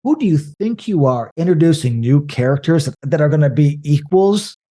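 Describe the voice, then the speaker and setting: A man talking casually about movies, rambling and animated, with frequent restarts. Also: fairly high pitch, moderate pace. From American Midwest. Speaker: podcast guest.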